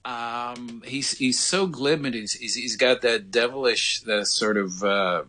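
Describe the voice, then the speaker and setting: Reporter phoning in; bright, animated, rambling storyteller. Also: male voice, medium pitch, measured pace, dry recording. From United States. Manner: animated storyteller with many restarts and laughs. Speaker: sports reporter calling in. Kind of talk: casual radio phone chat. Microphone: phone line.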